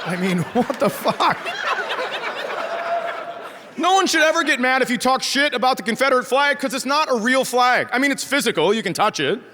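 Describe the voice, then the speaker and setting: A man's voice: very high-pitched, normal speed. A man from rural Minnesota doing a stand-up comedy set, telling stories and acting out the voices of people in them. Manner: animated storytelling with acted-out voices. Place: large theater stage. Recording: live hall reverb with audience noise. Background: audience laughter and cheering.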